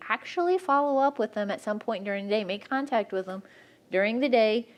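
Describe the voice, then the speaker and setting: A woman's voice: a little high, fairly quick. Woman, frank and practical, marriage workshop speaker, instructive. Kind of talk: church workshop talk.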